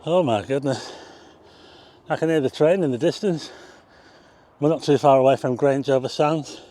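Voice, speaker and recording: An older man casually narrates his vlog to viewers outdoors, driving first and then hiking a hillside, full of exclamations and breathlessness. He speaks at a moderate pace in a mellow, mid-range voice.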